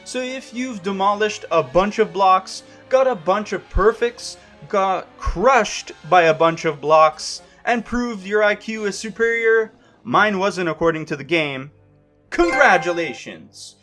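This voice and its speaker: Young male host, high-ish voice, wry scripted guide narration. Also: animated, measured pace, fairly bright tone. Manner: wry, self-deprecating asides. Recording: voice-over over faint music.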